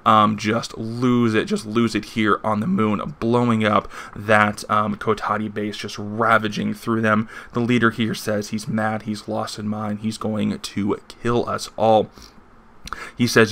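A man with a low, gravelly voice reviews a comic book in a relaxed, off-the-cuff way. His tone is bright and forward, and he rambles through the pages with frequent fillers and restarts. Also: unhurried.

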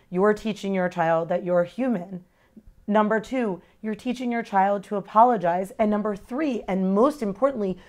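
A woman in an interview talks about raising her kids. She speaks quickly and earnestly, with an ordinary middle pitch and lively swings of emphasis. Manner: fast-talking; earnest, expressive, shifting tone for emphasis. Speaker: parent giving a testimonial. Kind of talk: candid interview answers.

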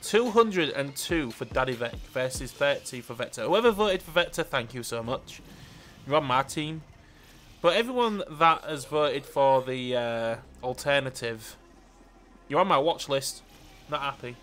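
A young British man streaming a game live, chatting playfully with viewers, laughing often and pleading in loud bursts. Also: medium pitch, expressive, measured pace, soft background music. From United Kingdom.

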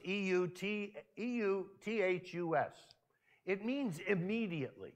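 In a church sanctuary, a male pastor preaches conversationally and peppers the congregation with questions. His voice sits high and sounds animated, though his pace is a little slow.

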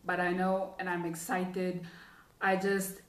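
A young woman hosting a reaction video, chatting casually in an excitable, rambling way as a fan. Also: fairly low pitch, slow. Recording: roomy echo, distant from the mic. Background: music video playing.

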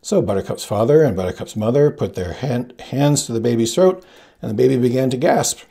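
A man reads a story aloud in a gravelly, husky voice. His tone is dark and mellow, and his pitch moves freely as he voices each character. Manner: reads all characters with shifting pitch, quiet narration tags. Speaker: audiobook reader. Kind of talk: scripted narration.

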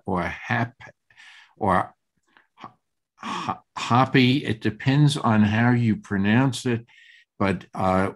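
Slow halting older man leading study. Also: fairly low pitch. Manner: halting, many fillers and restarts. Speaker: study group leader. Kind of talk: group text study discussion.

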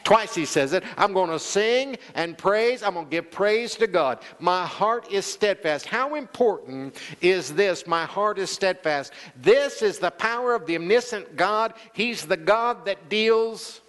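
A man's voice: high voice, expressive, unhurried, hardly any pauses, a bit bright. A male pastor preaching a sermon, calling out to the congregation and acting out quoted voices. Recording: long church hall reverb.

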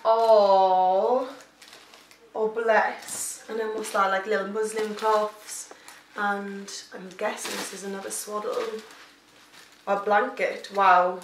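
A pregnant woman vlogging from home in a casual, gushing, excitable chat full of fillers. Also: mid-range voice, slow, slight background noise. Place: at home, indoors. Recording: echoey room, mic at a distance.

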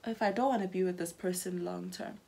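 A woman's voice: on the low side, fairly even intonation, a little fast, creaky, a little mellow, husky. A young South African woman chatting casually as a host, insistent and repeating herself to make her point. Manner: insistent, repeats herself, mixes in Zulu words. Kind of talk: casual chat.

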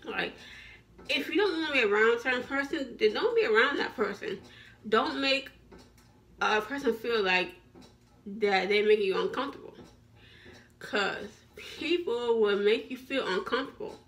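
A woman's voice: on the high side, expressive, normal speed, long pauses, fairly bright tone, far from the mic. A woman vlogger giving a repetitive, preachy motivational talk to her viewers. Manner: repetitive, preachy, encouraging, restarts often.

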